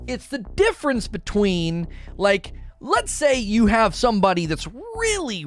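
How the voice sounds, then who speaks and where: A man in his thirties chatting casually on a live stream, answering chat with frequent laughter and playful asides. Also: high voice. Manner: animated, laughs often, slips into playful character voices.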